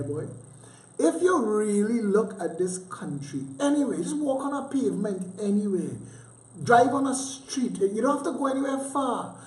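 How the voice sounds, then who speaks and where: High-voiced and a bit mellow, the man chats on his livestream in rambling, casual fashion. He's Trinidadian, speaks in strong dialect, and teases sarcastically, with echo from the room audible.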